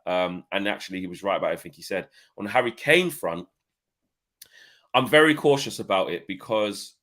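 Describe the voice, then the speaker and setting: A man co-hosting a casual football podcast, talking in an animated, rambling way. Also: fairly low pitch. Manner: rambling, animated, quick to laugh.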